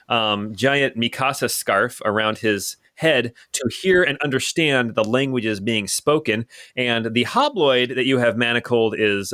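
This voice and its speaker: A man hosting and narrating as game master of a tabletop game in a lively, energetic way. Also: medium pitch, no room sound.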